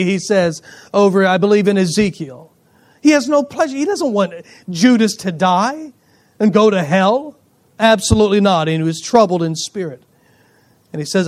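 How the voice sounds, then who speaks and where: A male pastor preaching a sermon, swinging between loud emphatic lines and quiet asides, joking with the congregation. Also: high-pitched, animated, moderate pace. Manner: jokes with the congregation.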